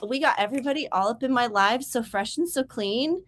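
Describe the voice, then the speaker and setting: A woman's voice: fairly high pitch, fairly quick, background noise. Upbeat, chatty woman hosting a livestream. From grew up near Mexico. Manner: chatty, upbeat, reads chat comments aloud. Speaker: host of writing sprint livestream. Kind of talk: casual livestream chat.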